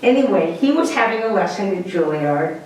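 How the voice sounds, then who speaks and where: An older woman giving a piano masterclass, coaching a student and telling lively stories. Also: medium pitch, a little fast. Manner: animated storyteller, coaching directly. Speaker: piano teacher. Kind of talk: masterclass teaching. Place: large hall with piano. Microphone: distant room mic. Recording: echoey hall from far off. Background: piano playing.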